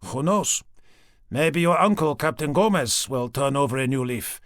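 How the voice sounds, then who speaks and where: A male narrator voicing a weary, cynical middle-aged police inspector with a gruff, dry delivery. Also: medium pitch, lively intonation, moderate pace, a bit bright, no echo, lightly acted. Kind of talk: audiobook character voice.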